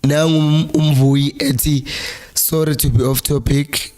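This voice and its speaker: A hoarse South African man with a flu-worn voice, hosting a live-streamed football chat in a Zulu-accented mix of English and Zulu and reading viewer comments aloud. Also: fairly high pitch, little pitch movement, unhurried, a little mellow. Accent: South African, Zulu-speaking. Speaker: fan channel host.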